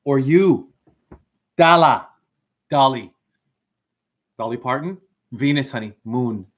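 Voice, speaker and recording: A man with a mid-range voice speaks slowly while hosting a livestream. He rambles excitably, answers comments, and swears freely as he tells his stories.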